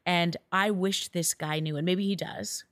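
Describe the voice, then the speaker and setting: A woman hosting a podcast, asking long, rambling questions in a casual, animated way. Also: on the low side, a little slow, no echo. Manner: rambling, animated questions with restarts and mild swearing. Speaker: podcast host. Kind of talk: casual interview chat.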